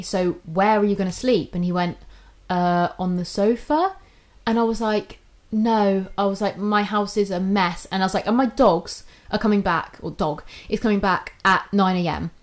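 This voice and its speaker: A young woman, casually telling a story on a podcast, swearing often and acting out what people said. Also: mid-range voice. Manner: animated, swears often, acts out quotes.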